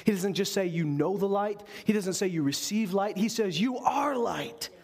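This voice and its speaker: A man with a high-pitched voice preaches a sermon. He speaks earnestly as a pastor and poses rhetorical questions to the congregation. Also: normal speed, a little mellow.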